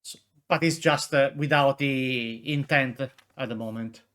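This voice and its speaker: A man's voice: medium pitch, measured pace, a bit bright. A man running a tabletop game as game master, hesitant and full of fillers while he explains the rules.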